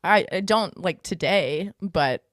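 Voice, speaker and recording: A woman's voice: lowish voice, takes it slowly, dry recording, clean studio sound. Teasing American woman podcast co-host. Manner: playful, teasing, lots of fillers. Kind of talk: casual chat. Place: podcast studio.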